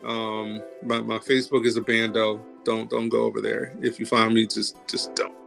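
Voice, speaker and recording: A man's voice: lowish voice, little pitch movement, normal speed, vocal fry, a bit bright, faint music behind. A man appearing as a podcast guest, an actor and singer who talks in a casual, laid-back and earnest way. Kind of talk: casual chat.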